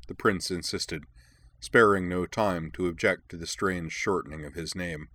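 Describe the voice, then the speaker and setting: Male audiobook narrator, very low voice, dry studio sound, measured storytelling. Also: bright, forceful tone, dry recording.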